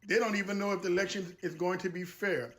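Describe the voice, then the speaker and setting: A man delivers a motivational talk. He speaks in a preacherly, emphatic way, circling back to key phrases and slowing down to stress them. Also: high voice, steady tone, a bit bright. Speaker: guest speaker.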